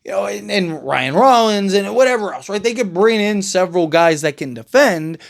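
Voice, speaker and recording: A man with a fairly high speaking voice riffs through casual basketball commentary as a show host. He talks in a loose, conversational way, stumbling into restarts and tossing in "right?" to keep the listener with him. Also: animated, normal speed, creaky. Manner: conversational, many fillers and restarts, rhetorical "right?" tags. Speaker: sports podcast host.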